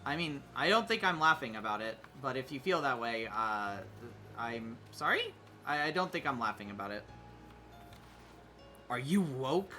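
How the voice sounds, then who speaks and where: Streamer chatting while gaming, super bright tense tone, lots of uhs, hums little tunes, faint music behind. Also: mid-range voice, animated, moderate pace, long pauses. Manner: hesitant, many fillers and restarts. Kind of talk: casual gaming stream chat.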